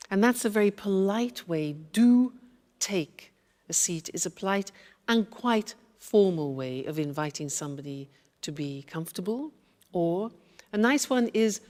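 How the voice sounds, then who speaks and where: A woman's voice: fairly low pitch, animated, measured pace, darkish tone, long reverb tail. A woman teaching English phrases, repeating each one patiently for learners. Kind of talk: slow explanatory lesson.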